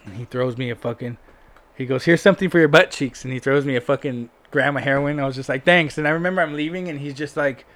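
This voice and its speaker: A man's voice: medium pitch, fairly even intonation, quick pace. A man casually telling a personal story as a guest, blunt and full of swearing and "like" fillers. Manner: candid, heavy swearing, frequent "like" fillers.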